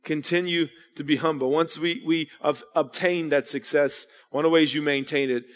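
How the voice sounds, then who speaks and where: A fairly high-voiced male pastor preaches an earnest sermon, mixing stories with calls to the congregation. His voice rings through a church hall with a long reverb tail. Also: steady tone, moderate pace. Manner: earnest preaching with storytelling and call-outs. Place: church sanctuary.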